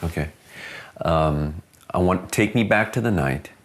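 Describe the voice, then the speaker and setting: A man's voice: deep voice, unhurried, slight background noise. A man interviewing in a mock-serious documentary style, earnest and probing.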